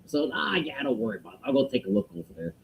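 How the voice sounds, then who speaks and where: A man's voice: medium pitch, animated, rapid-fire, vocal fry, a little hiss or hum, rough recording. A man co-hosting a podcast in casual chat, telling rambling stories, swearing and acting out voices. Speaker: podcast co-host.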